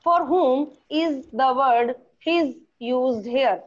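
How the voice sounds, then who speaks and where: A woman teacher with an Indian accent who repeats each question, explains slowly and slips into Hindi. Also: sits high, muffled recording. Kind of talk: online class lesson.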